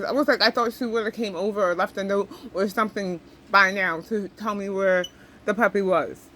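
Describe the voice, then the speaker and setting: Upset young woman venting, bright voice. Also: medium pitch, steady tone, fairly quick, a little hiss or hum, low-quality recording. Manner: upset, rambling, repeats herself. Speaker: vlogger. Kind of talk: emotional venting to camera.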